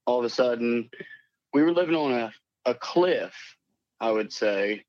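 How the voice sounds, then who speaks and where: A man's voice: mid-range voice, animated, unhurried, a little mellow, no echo. Caller, man, late 20s, plainspoken and rambling; dull, dry lo-fi audio. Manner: rambling, plainspoken storytelling with profanity. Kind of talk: telling a personal encounter story.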